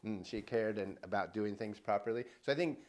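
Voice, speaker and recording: Speaking fairly quickly in a lowish voice with a darkish tone, a man co-hosts a casual podcast. He talks eagerly, rambles, and often drifts into long tangents.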